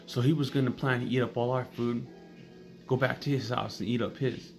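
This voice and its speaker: A man's voice: mid-range voice, fairly even intonation, fairly quick, soft background music, lightly acted. A man quoting his irritated friend complaining about a freeloading cousin. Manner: irritated, griping. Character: annoyed male friend complaining.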